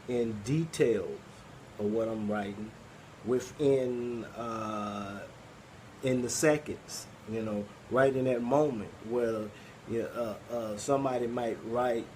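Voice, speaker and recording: A man's voice: medium pitch, a little mellow, a little hiss or hum, poor audio. A man with a Southern Arkansas accent hosting a poetry group, talking casually and rambling with many fillers and restarts. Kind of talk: casual live-stream talk.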